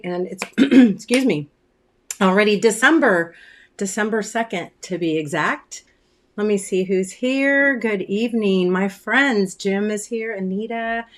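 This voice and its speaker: A woman chats casually from her home craft studio, hosting a weekly livestream. She greets viewers by name in a friendly, rambling way with plenty of ums, and keeps clearing a slightly choked-up throat. Her voice sits at an ordinary middle pitch. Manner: chatty, warm greetings by name, frequent ums.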